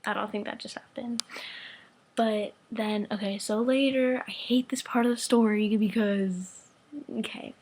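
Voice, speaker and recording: A teenage girl vlogger telling an excited story in casual chat, gushing, swearing and often dropping into whispers. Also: mid-range voice, a little slow, a little hiss or hum.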